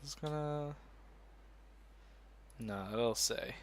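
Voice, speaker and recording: A man's voice: medium pitch, extremely slow, slight background noise. A young man chatting casually as he plays a survival game, rambling and joking at himself while talking to his viewers. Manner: rambling, self-mocking, talks to viewers. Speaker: gaming video host. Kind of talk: casual gameplay commentary.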